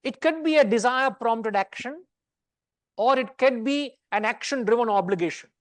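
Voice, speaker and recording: Indian english guy teaching gita class, kinda high voice, jokey chatty tone, dry close sound. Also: moderate pace, dry recording. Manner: conversational, teasing, mixes in Indian words. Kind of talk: lecture to a study class.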